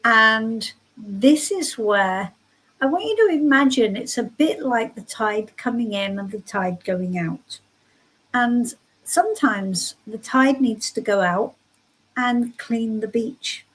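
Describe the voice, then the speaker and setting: A woman's voice: on the high side, takes it slowly, fairly bright tone, husky, poor audio. A woman giving soothing, reassuring tarot readings on a live stream from home. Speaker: tarot reader.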